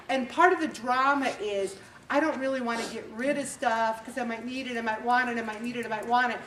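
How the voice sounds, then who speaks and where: A woman hosting a faith talk show speaks in an animated, self-mocking way, acting out little scenes as she gives a motivational talk. Her voice sits a little high. She sounds a bit far from the mic in a roomy, echoing space. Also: a little hiss or hum. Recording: roomy echo, distant mic.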